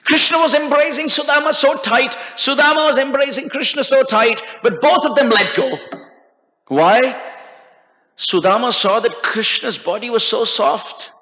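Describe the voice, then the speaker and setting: A man telling a devotional story in an animated storytelling sermon. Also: extremely high pitch, unhurried. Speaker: speaker. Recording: long hall reverb.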